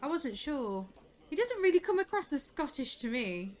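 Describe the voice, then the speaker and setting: A woman's voice: high-pitched, normal speed. Chatty woman streaming a game. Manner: chatty and excitable, swears and laughs often. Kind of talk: live gameplay commentary.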